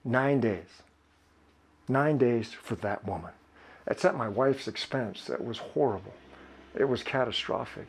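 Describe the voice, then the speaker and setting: A middle-aged man, a pastor, telling a personal story in a sermon in a candid, confiding way, halting often and restarting his sentences. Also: medium pitch, slightly rough.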